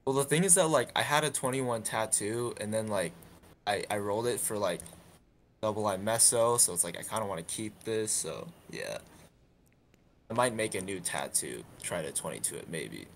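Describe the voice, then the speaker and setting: Hesitant low-voiced man, faint background hum. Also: animated, moderate pace, a bit bright. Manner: hesitant, rambling, heavy with fillers. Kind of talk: casual gaming chat.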